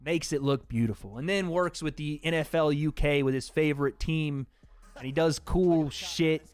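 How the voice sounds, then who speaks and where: A man's voice: a little high, moderate pace, clean tone, no echo. A young man hosting a casual livestream, reading out donations and chatting loosely, laughing often and swearing casually.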